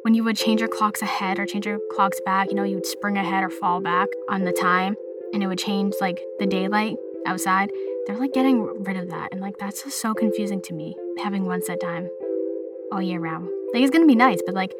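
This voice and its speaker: A young adult woman talking in a casual solo vlog, chatty and animated, slipping into little voices to act out what people say. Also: medium pitch, a little fast, loud music behind the voice. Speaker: vlogger.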